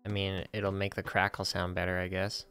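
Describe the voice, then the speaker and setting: A man with a very low, gravelly voice chats loosely while he plays, half talking to himself as he potters through a game. Faint music runs underneath. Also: brisk. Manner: relaxed, talks to himself while playing. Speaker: streamer. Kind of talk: casual gaming stream chat.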